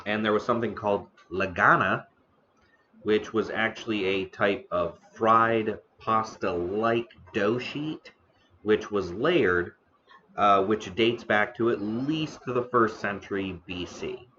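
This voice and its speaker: A man hosting a casual live stream about the history of noodles, talking slowly with many fillers and restarts, eating now and then. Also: lowish voice, pushed and bright, highs cut off, slight background noise. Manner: eating on stream between remarks. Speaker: streamer host.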